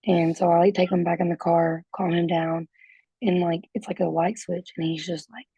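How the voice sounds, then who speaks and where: A woman's voice: fairly low pitch, steady tone, moderate pace, mellow, breathy edge, no echo. A mother in a parenting group, telling her story on a call in a hesitant, rambling way full of fillers. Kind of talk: casual account on a group call. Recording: dull, dry lo-fi call audio.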